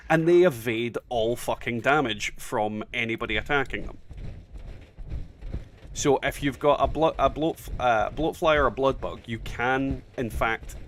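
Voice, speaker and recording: A man hosting a relaxed game stream, mid-pitched and chatty, swearing freely as he banters with friends. His voice comes through a home mic with a faint hiss behind it. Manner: swears often, animated banter. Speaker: streamer host. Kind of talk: casual gaming chat.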